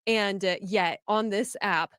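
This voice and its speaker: A woman's voice: medium pitch, fairly even intonation, takes it slowly, fairly bright tone, clean tone, no echo, clean studio sound. A woman co-hosting a stream, commenting on clips in a sarcastic, dismissive way. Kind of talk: casual reaction commentary.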